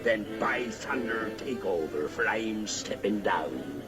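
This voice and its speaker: A commanding old pirate with a West Country growl, lingering on every word, heard from afar over a big film score. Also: male voice, lowish voice, expressive, over music. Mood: scornful. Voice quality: growling, drawn-out delivery. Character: gruff old male pirate, sly and commanding. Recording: distant old film audio under loud score.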